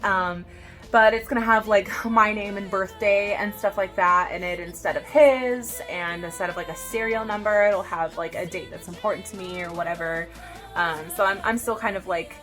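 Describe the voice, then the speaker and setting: A young adult woman chatting casually in a get-to-know-me vlog, bubbly and excitable, with lots of "like" fillers. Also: medium pitch. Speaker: vlogger.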